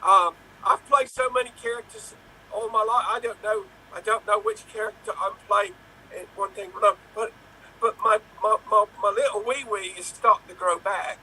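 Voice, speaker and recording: A man plays a vain, rambling film star who brags about himself in an improv comedy scene. The voice sits high and very bright. It is picked up from a distance, with faint noise behind it. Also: moderate pace. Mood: boastful. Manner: rambling boastful monologue. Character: sleazy vain movie-star man, boastful.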